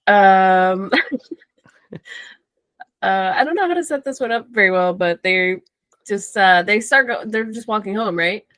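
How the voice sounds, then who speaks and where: A woman's voice: mid-range voice, measured pace, pauses often, a bit bright, no echo. A woman co-hosting a casual movie podcast, talking at an easy pace and laughing often. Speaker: podcast co-host.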